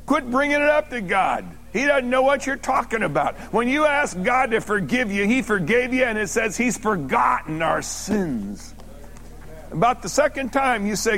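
A male pastor preaching a sermon, asking the congregation questions and breaking into shouts. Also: very high voice, sing-song, moderate pace. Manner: preaching with call-and-response questions and sudden shouts.

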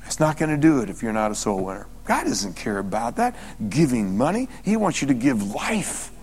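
A man preaching as a pastor, telling a story animatedly and acting out the dialogue as his excitement builds. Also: medium pitch, moderate pace. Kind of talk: sermon. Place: church sanctuary. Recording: long reverb of a church hall.

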